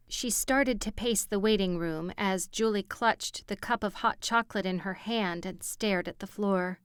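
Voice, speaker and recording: A woman narrating a romance audiobook in a steady, even storytelling manner, on a studio mic. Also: medium pitch, a little slow, smooth, dry recording. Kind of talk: scripted narration.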